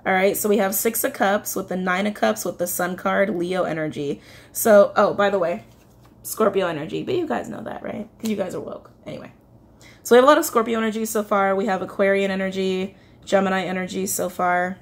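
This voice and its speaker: A woman's voice: medium pitch, a little fast. Woman doing a chatty tarot reading, rambly, lots of um and like, gets emotional. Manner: chatty, rambling, emotional, frequent fillers and self-corrections. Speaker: tarot reader. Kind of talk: casual spoken tarot reading.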